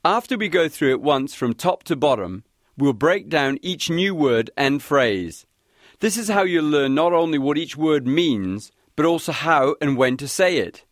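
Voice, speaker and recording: A man hosting a scripted language lesson, guiding listeners clearly and encouragingly. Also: on the high side, expressive, unhurried, dry recording, studio quality. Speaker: language teacher host.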